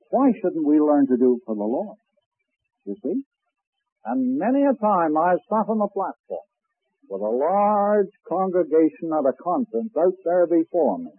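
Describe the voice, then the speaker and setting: A man teaching a class on preaching, talking slowly and deliberately and demonstrating breathing as he explains. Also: fairly high pitch, husky, no room sound. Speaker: preaching instructor. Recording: tinny, phone-like old recording.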